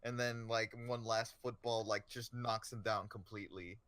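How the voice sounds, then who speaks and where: A man co-hosting a podcast in casual chat, speaking haltingly with many fillers. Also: fairly low pitch, steady tone, a bit bright, no echo. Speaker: podcast co-host.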